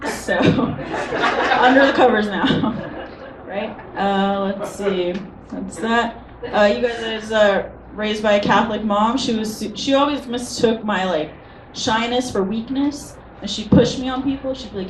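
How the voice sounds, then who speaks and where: A woman's voice: a little high, a little slow. A woman in her twenties doing a stand-up comedy set, self-deprecating and hesitant with many ums. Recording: roomy venue from a distance, noisy.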